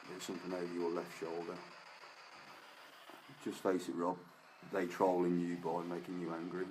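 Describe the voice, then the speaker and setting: A man with a low, darkish voice and a completely flat delivery addresses spirits commandingly as a ghost hunter on a live investigation. He speaks at a moderate pace against noisy ambient sound.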